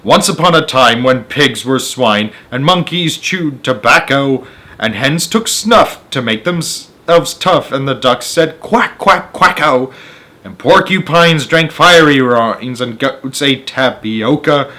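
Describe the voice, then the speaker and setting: A man's voice: mid-range voice, expressive, slow pace, sharp tone. A man voicing a boastful male centipede who chants comic rhyming verses in a storybook reading. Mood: gleeful. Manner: sing-song rhyming delivery.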